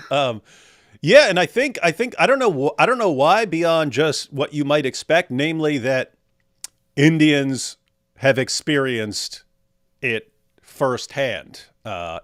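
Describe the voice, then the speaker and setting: A man's voice: mid-range voice, no room sound, studio quality. Joking man chatting on a livestream. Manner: jokey, laughs often, many restarts. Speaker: livestream co-host. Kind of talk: casual chat reacting to viewer comments.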